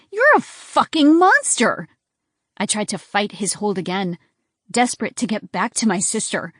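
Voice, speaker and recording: A woman's voice: medium pitch, no echo, studio quality. A woman giving a tense, dramatic first-person audiobook narration.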